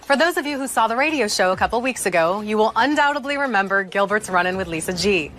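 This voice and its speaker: A woman's voice: mid-range voice, animated, quick pace, fairly bright tone, a little hiss or hum. A woman co-hosting an entertainment segment in an upbeat, scripted delivery. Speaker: co-host.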